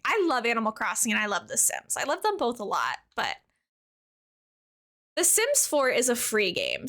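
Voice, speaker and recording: A woman game streamer chatting casually with viewers while she plays, chatty and quick to giggle. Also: high voice, bright, forceful tone. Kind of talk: casual live-stream chat while playing.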